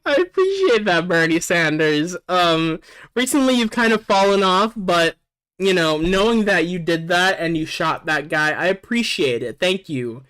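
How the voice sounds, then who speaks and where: A man's voice: sits high, expressive, moderate pace, fairly bright tone, clean tone. A man hosting a casual chat about music tracks, rambling and joking with many fillers. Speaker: podcast host.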